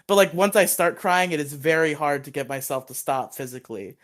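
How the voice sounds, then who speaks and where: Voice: mid-range voice, normal speed, few pauses. Young podcast co-host, under 21, rambling storyteller with loose casual delivery and frequent swearing. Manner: rambling, swears freely, laughs often.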